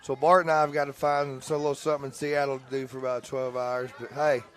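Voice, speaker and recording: A man commentator chatting excitedly after a high school football game. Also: fast talker. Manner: excited, exclaiming. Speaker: broadcast commentator. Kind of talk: casual postgame chat.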